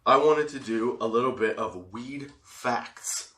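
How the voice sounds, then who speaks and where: A man hosting a comedy podcast and telling a personal story, animated, swearing a lot and breaking into laughs as he acts out what people said. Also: medium pitch, slow pace, echoey room, slight background noise. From Canada. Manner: animated, swearing, laughing often, acting out quotes. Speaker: podcast host.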